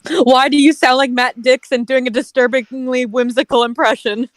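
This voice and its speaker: A speaker joining a casual group read-aloud with teasing, quick remarks. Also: sits high, level tone, no echo. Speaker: co-reader.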